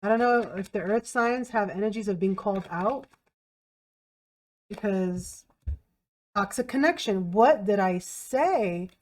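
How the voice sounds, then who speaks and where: A woman's voice: mid-range voice, a little slow, long pauses, a little mellow. A woman giving a tarot reading to camera in a blunt, emphatic way, repeating herself and swearing freely. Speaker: tarot reader.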